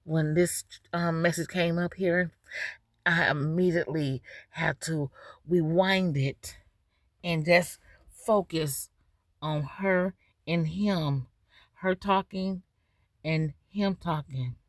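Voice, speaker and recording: A low-pitched woman talking slowly and deliberately as she comments on a clip. Her delivery is preachy and scolding, and the recording sounds dry and close. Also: dry recording. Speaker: commentary host. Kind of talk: drama commentary reacting to a clip.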